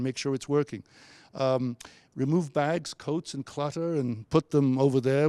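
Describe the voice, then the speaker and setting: A man leads a university workshop, coaching listeners on how to present. His voice is mellow and relaxed, the sound dry and close. He often stumbles and restarts his sentences. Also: fairly high pitch, clean tone, no room sound. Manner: coaching, with frequent restarts and stammers. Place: lecture room at a university.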